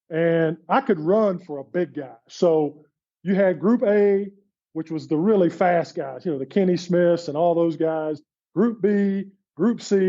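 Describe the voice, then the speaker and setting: High-voiced man telling animated stories. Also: muffled recording. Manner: animated, laughing storyteller. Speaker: podcast guest. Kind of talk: storytelling in casual chat.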